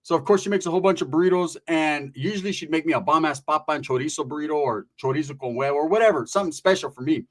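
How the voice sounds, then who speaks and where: Brief: husky, gravelly male comic storyteller, high-ish, profane and loose. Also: racing, hardly any pauses. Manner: loose and profane, with many fillers like "right?".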